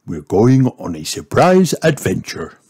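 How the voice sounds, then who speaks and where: A man voicing a jolly father pig in a storybook read-aloud, calm, cheery and playful. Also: fairly low pitch, unhurried, slightly rough, exaggerated voice.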